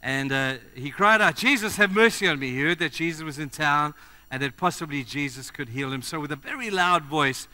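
A man preaching a sermon to his congregation, speaking directly to them and moving between loud urgency and quiet earnestness. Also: fairly high pitch, expressive, brisk.

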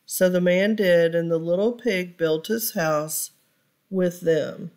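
A woman reading a children's picture book aloud for storytime, pausing to ask her listeners questions. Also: on the low side, darkish tone.

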